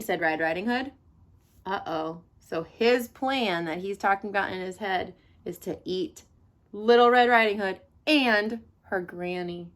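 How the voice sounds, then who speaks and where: A woman reading a picture book aloud to children, expressive and adding chatty asides as she goes. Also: medium pitch, measured pace. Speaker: read-aloud storyteller.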